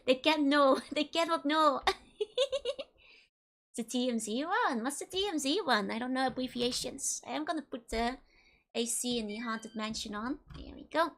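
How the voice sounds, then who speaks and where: High-pitched girl streamer, playful, keeps giggling, saying hi to chat. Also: expressive, normal speed, pauses often, fairly bright tone. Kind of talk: live game stream chat.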